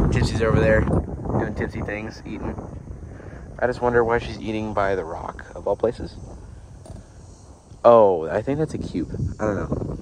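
A young man chatting casually in a rambling, laid-back way while filming on a farm, his nose a little stuffy. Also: fairly low pitch. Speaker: farm vlogger. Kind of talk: casual vlog chat. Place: outdoors on a farm by animals. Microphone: handheld camera. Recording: outdoor noise, wind and water. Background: running water and wind.

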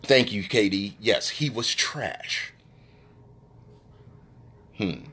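A man hosting a live stream, ranting brashly and profanely in casual trash talk, with his voice often jumping high when he gets worked up. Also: drawn-out words, a bit bright, husky. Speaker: live-stream sports show host. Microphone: phone.

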